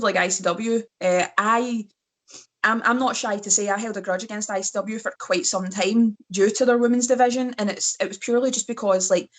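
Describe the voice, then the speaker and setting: A young Scottish woman, a wrestler, chatting casually as a podcast guest with lively storytelling. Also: mid-range voice. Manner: lively storytelling, mimics other people's voices. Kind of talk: casual chat.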